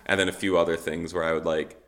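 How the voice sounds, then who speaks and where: A man's voice: deep voice, fast, a little hiss or hum. A man in his thirties, a missionary, telling his life story casually and acting out the conversations with lots of fillers. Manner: animated storytelling, acts out quoted dialogue with many fillers. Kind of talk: casual personal testimony.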